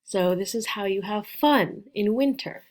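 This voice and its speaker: A woman's voice: mid-range voice, a little mellow, a little hiss or hum. A woman teaching a beginner English lesson, patiently sounding out letters and praising her learners. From United States. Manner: slow, patient, encouraging, spells out sounds. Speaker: ESL teacher.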